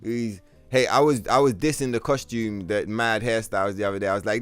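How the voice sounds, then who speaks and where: A man streaming a video game, chatting casually with his viewers in a profane, animated rant. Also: on the low side, fairly quick, hardly any pauses, smooth, soft background music. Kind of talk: casual live-stream chat.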